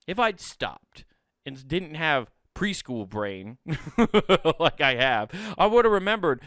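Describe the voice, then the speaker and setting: A man's voice: fairly high pitch, sing-song, takes it slowly, a bit bright, no room sound, studio quality. A man in his thirties from the US Midwest, hosting a podcast and telling a comedic story, self-mocking and swearing freely. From Sioux City, US Midwest.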